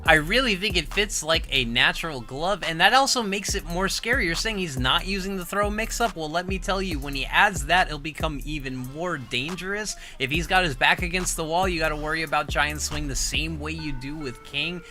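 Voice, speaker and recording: A man commentating a fighting game tournament, animated and excitable, laughing often. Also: on the high side, moderate pace, few pauses, soft background music. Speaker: esports commentator.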